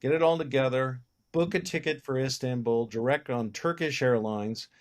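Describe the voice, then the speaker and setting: In a casual interview, a film producer tells animated anecdotes, performing other people's lines as he goes. His voice is medium in pitch and moves at normal speed.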